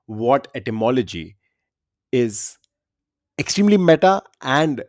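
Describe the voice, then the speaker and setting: Male podcast quizmaster, mid-pitched voice, lively and laughing easily, dry close-miked sound. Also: a little slow, no room sound. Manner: animated, laughs often. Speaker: quiz podcast co-host. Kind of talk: casual quiz chat.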